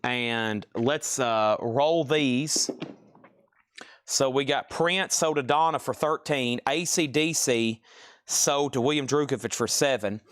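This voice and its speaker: A man running a live record sale, reeling off titles, conditions and prices in a quick, practical patter. His voice sits at a middling pitch and the sound is dry and close, with little room around it. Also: a bit bright, smooth, no room sound. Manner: brisk, matter-of-fact listing of items and prices. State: briefly out of breath. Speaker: livestream record sale host.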